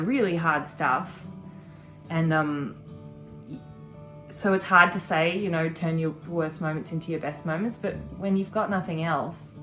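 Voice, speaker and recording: Her voice is low-pitched and a bit bright. She's a thirty-something vlogger having a casual chat, reflective and earnest, letting her sentences run on and on.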